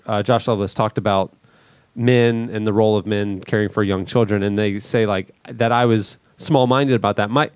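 A man's voice: lowish voice, clear, resonant tone, dry recording. A man in his thirties hosting a podcast, chatting casually in a rambling way with many restarts. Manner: rambling, halting, full of restarts. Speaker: podcast host. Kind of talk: casual chat.

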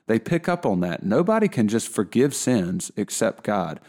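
A man giving a relaxed Bible lesson in a conversational way, often restarting his sentences. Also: on the low side, normal speed, hardly any pauses. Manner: conversational, with frequent restarts and fillers. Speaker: Bible teacher.

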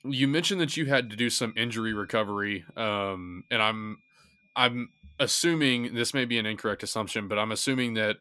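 Low-voiced, easygoing male podcast host. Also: a little fast, sharp tone, clean tone, no echo. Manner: easygoing, affirming, hesitant with fillers when asking. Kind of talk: casual interview chat.

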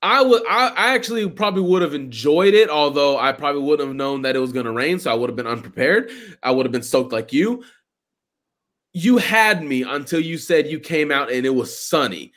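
A man co-hosting a podcast, reacting to his partner's story in an expressive, casual way. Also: fairly high pitch, a little fast. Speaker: podcast co-host.

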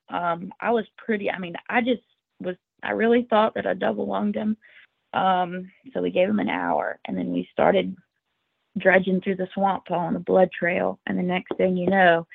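Woman podcast guest, husky and raspy, earnest storyteller, thin phone-line sound. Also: mid-range voice, no room sound. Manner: earnest, emotional, tumbling restarts. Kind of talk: animated first-person storytelling. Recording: tinny phone-like line, dry.

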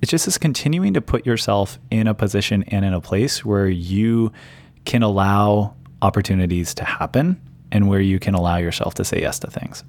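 A man's voice: lowish voice, normal speed, a little mellow, no room sound. A man co-hosting a podcast who sums up ideas in a reflective, encouraging way. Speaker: podcast co-host. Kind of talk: casual chat.

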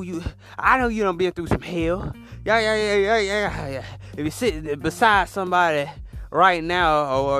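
A man preaching an impassioned sermon, repeating lines and building to shouts. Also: on the high side. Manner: preaching in calls, repetition and rising shouts.

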